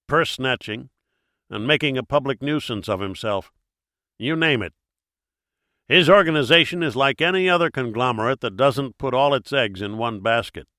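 A man's voice: medium pitch, pushed and bright, no room sound, studio quality, close to an everyday voice. A man voicing a blunt, world-weary FBI agent. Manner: blunt, wry, launches into monologues.

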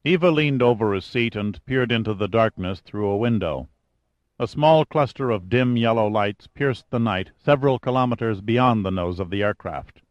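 Man, audiobook narration, steady storytelling, low pitch, dull lo-fi sound. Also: moderate pace, no room sound. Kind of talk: scripted narration.

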